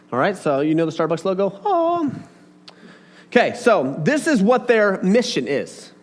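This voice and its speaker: Guy preaching, casual and chatty, voice on the higher side and bouncing around a lot. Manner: chatty and animated, talks to the audience with asides. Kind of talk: casual sermon to a congregation.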